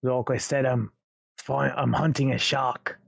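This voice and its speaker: A man's voice: mid-range voice, little pitch movement, a little slow, gravelly, breathy edge, no room sound, pitched below the performer's own voice. A man voicing a dogged investigator in a British gangster manner with a Cockney accent. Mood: probing. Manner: blunt, probing questions.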